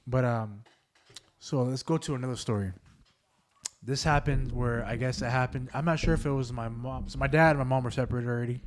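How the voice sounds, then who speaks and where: A man's voice: mid-range voice, brisk, a little hiss or hum. A man hosting a podcast, telling family ghost stories in a loose, rambling way full of fillers. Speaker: podcast host. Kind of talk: casual storytelling chat.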